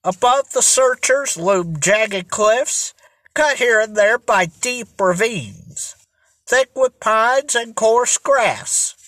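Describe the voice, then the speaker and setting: A reader narrating a children's mystery novel in an even, unhurried storytelling manner. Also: medium pitch, no room sound. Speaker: audiobook reader. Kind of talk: reading aloud a children's mystery.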